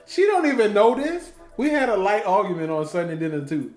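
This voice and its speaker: A man co-hosting a casual talk show, telling animated stories and acting out what others said. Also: high voice, a little fast, reverberant, faint music behind. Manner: animated storytelling, acting out quotes. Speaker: co-host. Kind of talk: casual chat.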